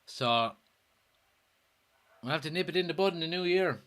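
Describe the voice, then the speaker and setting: A man's voice: a little high, expressive, moderate pace, fairly bright tone. An Irish man hosting a casual football watchalong livestream, joking, swearing and reading viewer comments aloud. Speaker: host.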